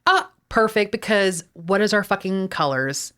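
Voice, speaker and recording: A woman's voice: medium pitch, animated, a little slow, a bit bright. A woman from Texas with a Texan accent, telling personal stories as a podcast co-host. She talks in a chatty, rambling way and swears freely. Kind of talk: casual podcast storytelling.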